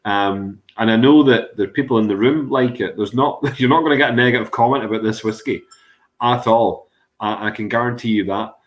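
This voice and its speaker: A man's voice: medium pitch, fairly quick. A man hosting an online whiskey tasting over a video call, chatty and jokey. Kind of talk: casual chat.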